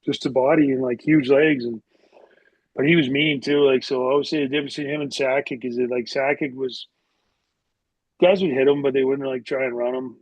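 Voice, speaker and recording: A man's voice: medium pitch, steady tone, fairly quick, no echo. A middle-aged man, a former hockey player, telling loose anecdotes as a podcast guest and padding them with filler words. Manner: rambling, with many filler words. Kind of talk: casual storytelling. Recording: dull, dry lo-fi sound.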